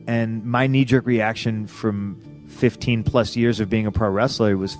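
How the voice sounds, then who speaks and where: A man's voice: mid-range voice, measured pace, soft background music. A man in his thirties, a pro wrestler as a podcast guest, telling stories bluntly and with constant swearing. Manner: profane, blunt, animated when quoting others. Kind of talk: casual storytelling interview.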